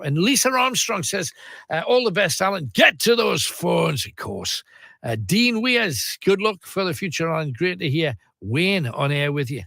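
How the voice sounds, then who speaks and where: A man's voice: mid-range voice, gravelly, dry recording, clean studio sound. A man hosting a late-night radio phone-in, reading out listener messages and teasing his callers. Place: radio studio. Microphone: studio mic.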